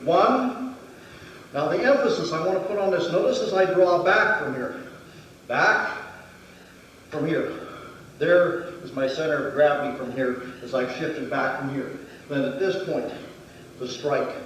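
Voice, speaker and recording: A man's voice: fairly high pitch, fairly bright tone, slight background noise. A man instructing a weapons demonstration in a methodical way, counting out each movement. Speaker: martial arts instructor. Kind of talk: demonstration lesson. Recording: very echoey hall, distant mic.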